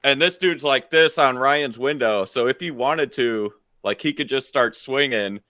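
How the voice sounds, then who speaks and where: Bright-voiced man chiming in. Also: mid-range voice, a little slow, no room sound, studio quality. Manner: chiming in, laid-back, swearing. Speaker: guest drummer. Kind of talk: casual podcast chat.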